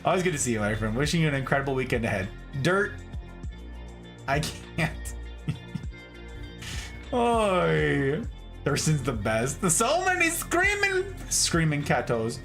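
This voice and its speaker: A male streamer with a lively, swooping voice that keeps rising and falling as he chats with his viewers. He gushes and laughs easily. Soft music plays behind him. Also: a little high, measured pace, vocal fry, long pauses. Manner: chatty, effusive, often laughing. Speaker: live streamer greeting chat. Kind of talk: casual live-stream chat.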